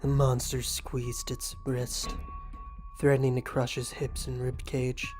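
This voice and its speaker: A man reading a horror story aloud in an even, scripted storytelling manner, with faint music behind. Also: medium pitch, takes it slowly.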